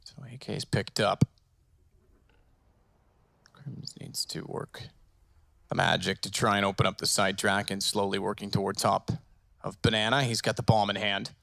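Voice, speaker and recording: A man calling an esports match, quick and excitable, often correcting himself mid-sentence. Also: fairly low pitch, gravelly, no echo. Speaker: esports caster. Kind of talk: play-by-play commentary.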